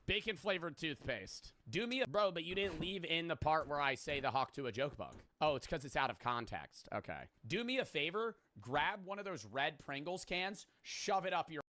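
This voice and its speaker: A man's voice: a little high, expressive, normal speed, few pauses, pushed and bright, a little hiss or hum. Rambling young streamer guy. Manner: rambling, swears freely, jokey. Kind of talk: casual live-stream reaction chat.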